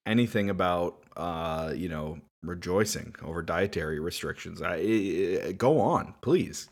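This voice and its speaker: A man's voice: sits low, measured pace, vocal fry. A man co-hosting a casual podcast over a call, wry and hesitant, with many fillers. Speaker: podcast co-host. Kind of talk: casual chat.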